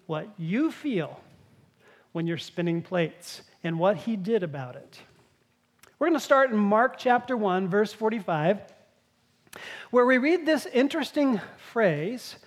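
Woman, preacher, sermon, lively storytelling, acts out quotes. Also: fairly high pitch, a little slow.

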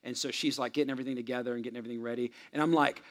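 A man preaching a sermon on marriage to a congregation, swinging between loud animated stretches and hushed asides. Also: mid-range voice, rapid-fire. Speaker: pastor.

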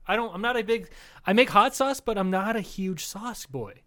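A man co-hosting a comedy podcast in loose, casual chat, somewhat higher-pitched than most men. He rambles and swears freely, padding his sentences with "dude" and "like.". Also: expressive, moderate pace, sharp tone. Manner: rambling, profane, keeps saying dude. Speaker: podcast co-host.

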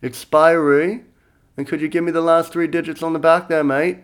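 A man's voice: on the high side, little pitch movement, moderate pace, smooth, pitched above the performer's own voice, natural voice. A man doing a chummy mock-Australian bloke. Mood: sly, cheery. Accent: mock Australian that drifts British. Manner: easygoing, calls everyone mate. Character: friendly groggy Australian bloke on the phone.

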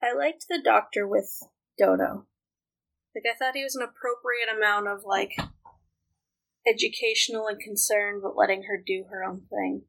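A woman's voice: medium pitch, fairly even intonation, moderate pace, vocal fry, a bit bright, rough recording. A woman on a casual podcast chat, speaking in a dry, teasing, plain-spoken way. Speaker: podcast co-host.

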